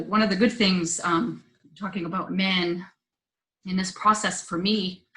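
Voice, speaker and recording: A middle-aged woman hosting a healing circle over a video call, sharing tearfully in a soft, halting, heartfelt way. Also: medium pitch. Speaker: host of a women's healing circle. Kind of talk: emotional sharing in an online circle. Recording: roomy echoey sound.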